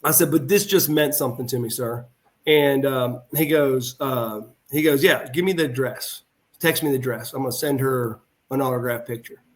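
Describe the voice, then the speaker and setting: At a normal speed and mid-range pitch, the former pro wrestler, now middle-aged, tells a heartfelt story as a podcast guest. It's loose, casual storytelling that rambles, restarts frequently and reenacts conversations with animated warmth.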